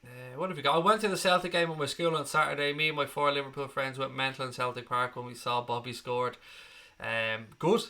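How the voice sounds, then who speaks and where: Brisk, bright and forceful, this medium-pitched man keeps a fairly even intonation while hosting a live football fan stream. He's an Irishman in his thirties, chatty and blunt, who swears freely and reads out viewers' comments.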